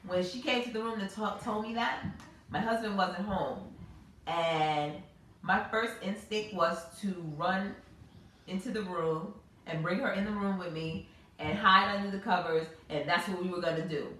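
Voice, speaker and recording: A woman in her thirties, hosting a casual chat and telling stories in an animated, expressive way. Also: mid-range voice, normal speed, slight background noise. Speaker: host. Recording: echoey room, mic far off.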